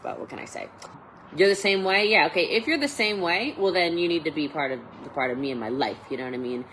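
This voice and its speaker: Low-voiced chatty woman, faint background hiss. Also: fast talker, fairly bright tone, low-quality recording. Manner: chatty, rambling, many fillers. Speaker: network marketing coach. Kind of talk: casual livestream chat.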